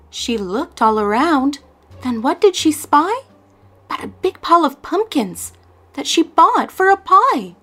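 A woman reading a rhyming children's picture book aloud in a lively, sing-song way. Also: high-pitched, unhurried. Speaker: storyteller.

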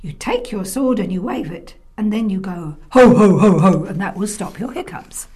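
A woman's voice: medium pitch, expressive, normal speed, dark tone, husky. A woman voicing a bold, cheerful young female pirate in a children's story, talking in a brash, commanding way. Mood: lively.

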